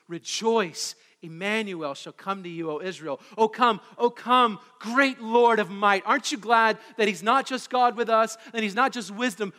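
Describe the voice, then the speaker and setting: Long reverb from a church hall follows this high, bright-voiced man as he delivers a sermon in the sanctuary. Excitable and animated, he speaks like a pastor whose eagerness builds as the sermon goes on.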